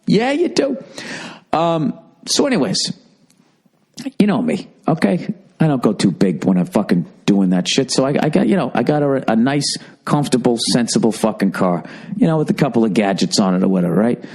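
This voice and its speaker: A man's voice: mid-range voice, very animated, a little fast, darkish tone, breathy edge. A middle-aged man hosting a podcast, telling a profane, ranting comic story and acting out the quoted exchanges. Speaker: podcast host. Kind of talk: casual comedic monologue.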